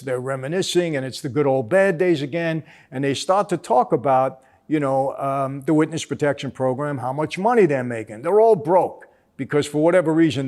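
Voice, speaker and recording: An older East Coast American man with a medium-pitched, slightly mellow voice hosts a review of a mob film. He tells it like a story, casual and full of fillers, acting out the quoted lines.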